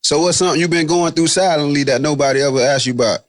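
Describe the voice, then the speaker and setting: A man's voice: a little high, very fast, no room sound. Laid-back male interviewer, dry sound. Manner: laid-back, ends questions with "man". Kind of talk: casual interview questions.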